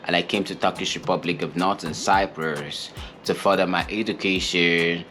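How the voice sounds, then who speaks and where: A young man from Nigeria with a very low, deep voice talks earnestly, pressing his points and repeating them for emphasis. Faint music plays behind him. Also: fairly even intonation, normal speed, bright, forceful tone. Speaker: co-host of a couple's channel. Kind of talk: casual interview answer.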